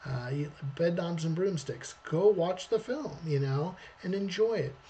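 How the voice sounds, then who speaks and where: A man's voice: on the high side, expressive, measured pace, mellow, slight background noise. A man, a storyboard artist, giving a rambling, conversational livestream talk.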